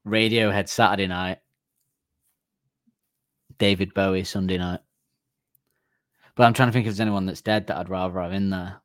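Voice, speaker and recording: A man's voice: low-pitched, fairly even intonation, moderate pace, long pauses, no echo, studio quality. A man co-hosting a podcast in casual chat, rambling and correcting himself, laughing at his own jokes. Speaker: podcast co-host.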